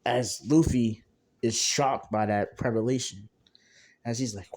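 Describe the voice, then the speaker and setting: A man's voice: mid-range voice, fairly even intonation, measured pace, darkish tone. A man casually narrating an improvised fan story, stringing scenes together with a loose, repetitive way of talking. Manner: casual, repeats "as he's like".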